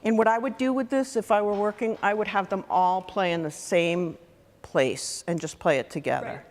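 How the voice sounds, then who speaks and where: A woman clinician coaching a student wind band in rehearsal, lively and full of questions to the players. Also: medium pitch, normal speed. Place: large theatre stage. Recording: long hall reverb.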